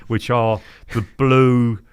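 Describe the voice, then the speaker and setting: A man in his fifties, telling stories as a podcast guest in a lively, chatty way, acting out what people said. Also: medium pitch, slow pace, slight background noise. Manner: animated, acts out quotes, keeps asking "do you know what I mean?". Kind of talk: casual storytelling interview.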